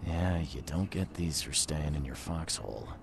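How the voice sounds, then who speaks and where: An actor playing a world-weary male investigator in a video game, speaking in a deep, dry, brooding way. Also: moderate pace, creaky, noisy background.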